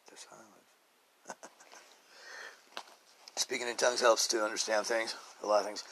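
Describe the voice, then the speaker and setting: A man hosting a casual spiritual podcast monologue, rambling and chuckling often, dropping to hushed murmurs and then jumping to loud bursts. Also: lowish voice, flat delivery, normal speed, background noise. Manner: chuckles often between thoughts. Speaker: podcast host.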